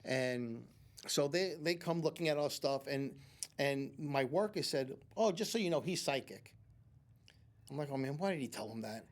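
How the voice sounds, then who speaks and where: A man's voice: medium pitch, animated, normal speed. New man telling rambling stories. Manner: rambling anecdotes with many restarts and acted-out quotes. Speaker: psychic medium guest. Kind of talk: storytelling in a talk show interview. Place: community TV studio.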